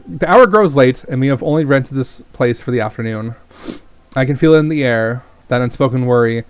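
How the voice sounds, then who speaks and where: A man's voice: medium pitch, smooth, no echo. A man streaming a visual novel, reading it aloud and reacting with emotional, profane commentary. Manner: emotional, swears freely.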